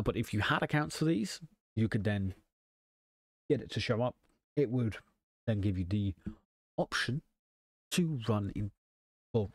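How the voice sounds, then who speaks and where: A man hosting a casual software tutorial, walking through an install with wry, self-deprecating asides. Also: lowish voice, husky, no echo. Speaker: tech channel host.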